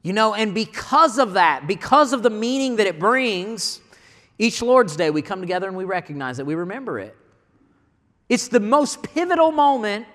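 A man's voice: sits high, animated, normal speed, bright, forceful tone, long reverb tail. A man preaching a sermon, mixing rhetorical questions with scripture reading in a folksy way. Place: church sanctuary.

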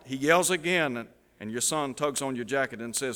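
Male preacher telling a dramatic story, goes quiet for effect, lots of hall reverb. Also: medium pitch, normal speed, smooth. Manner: dramatic, drops to a hush at emotional peaks. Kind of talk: sermon illustration, storytelling.

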